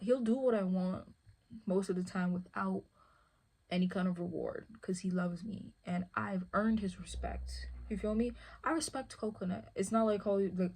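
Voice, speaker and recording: Husky-voiced woman chatting casually. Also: medium pitch, darkish tone. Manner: rambling, repeats "you feel me". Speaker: service dog handler. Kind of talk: casual chat.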